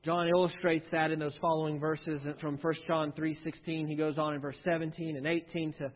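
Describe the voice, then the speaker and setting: A man's voice: fairly high pitch, little pitch movement, fairly quick. A man preaching a sermon, earnest, often repeating a word as he restarts and asking the listeners questions. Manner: earnest, stumbles and repeats words, rhetorical questions. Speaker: pastor. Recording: tinny phone-like sound with long hall reverb.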